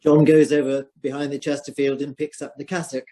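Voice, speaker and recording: A man's voice: on the high side, little pitch movement, fairly quick, warm tone. A man reading stage directions in a plain, matter-of-fact way.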